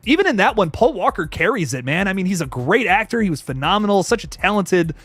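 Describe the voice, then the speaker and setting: A man hosting a horror movie channel, chatting casually on a livestream, excitable and swearing often. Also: high voice, fast, breathy edge, no echo. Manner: excitable and swearing, with frequent laughs. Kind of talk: casual livestream chat reading super chats.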